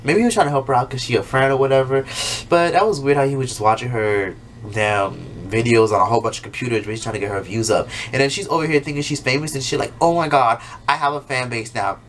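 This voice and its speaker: This man talks fast in a medium-pitched voice, giving a casual, swear-heavy recap of an episode as if chatting directly to his YouTube audience. He often breaks into over-the-top impressions of the characters, and a faint room hum lingers in the background.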